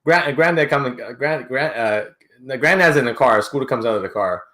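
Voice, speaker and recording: A man's voice: medium pitch, moderate pace. Slangy young man telling a story. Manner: slangy, animated storytelling with many restarts. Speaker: guest. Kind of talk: casual storytelling.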